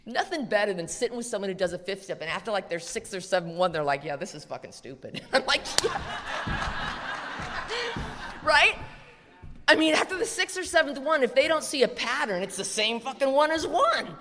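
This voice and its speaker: Blunt, bright-voiced American woman speaker. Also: a little high, sing-song, a little fast. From USA. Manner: blunt, profane, emphatic. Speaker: recovery speaker. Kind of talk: live speech at a convention. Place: large convention hall. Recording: echoey convention hall.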